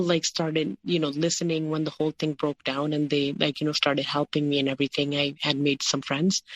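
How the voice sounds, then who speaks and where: A woman's voice: sits low, fairly bright tone, no room sound, poor audio. Woman podcast guest, rambly storytelling with lots of filler words, dry close audio. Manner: rambling, many fillers like "like" and "you know". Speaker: guest sharing her story. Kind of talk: personal storytelling in a podcast interview.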